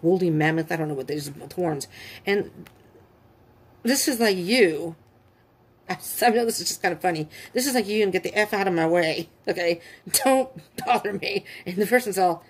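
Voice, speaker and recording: A woman's voice: on the low side, animated, normal speed, slightly rough. A woman giving a casual tarot reading, talking bluntly and animatedly, often laughing and acting out the people she describes. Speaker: tarot reader.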